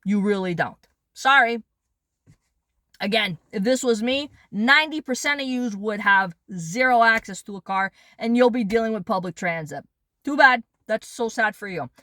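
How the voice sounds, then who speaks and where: A woman's voice: on the high side, moderate pace, sharp tone, dry recording, clean studio sound. A woman ranting bluntly and sarcastically, swearing a lot, in a vlog. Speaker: vlogger. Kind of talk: angry profane rant.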